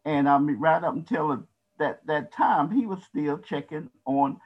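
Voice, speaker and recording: A man on a video call, speaking about a late colleague in an earnest, halting way. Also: fairly high pitch. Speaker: radio show cohost. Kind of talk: remembrance on a call. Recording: dull lo-fi call audio.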